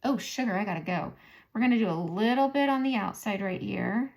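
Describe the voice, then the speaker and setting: Chatty Southern woman with a gravelly edge. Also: mid-range voice, brisk, darkish tone. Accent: Southern American. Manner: chatty, thinking aloud, self-talk while applying makeup. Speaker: beauty vlogger. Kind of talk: casual makeup tutorial chat.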